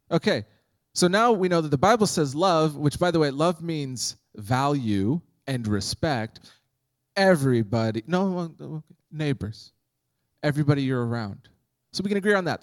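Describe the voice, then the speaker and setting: A man's voice: on the high side, no room sound. A man preaching a sermon as pastor, conversational and humorous, acting out Bible scenes.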